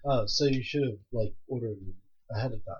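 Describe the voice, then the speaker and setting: A man's voice: mid-range voice, fairly quick. A young man co-hosting a podcast, casual chat full of blunt, teasing wisecracks. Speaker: podcast co-host. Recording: dull lo-fi podcast audio.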